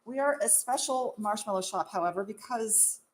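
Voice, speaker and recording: A young adult woman who owns a marshmallow shop, hosting a casual live stream while she works, excitable and self-mocking with frequent exclamations and laughs. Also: medium pitch, moderate pace.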